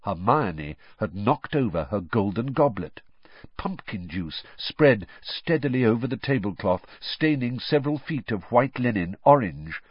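A man narrating a storybook audiobook in a measured, expressive way. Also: on the low side, breathy edge, dry recording, lo-fi sound.

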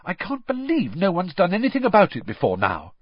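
A man's voice: sits high, huge pitch swings, a little fast, breathy edge, dry recording, voice pushed up, full character voice. A man voicing an earnest, indignant teenage schoolgirl witch, eager and fervent, in a dull, dry recording.

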